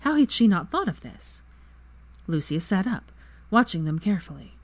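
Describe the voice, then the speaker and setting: A woman reading fan fiction aloud as narrator in a steady, even manner. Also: on the low side, moderate pace. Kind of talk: story narration.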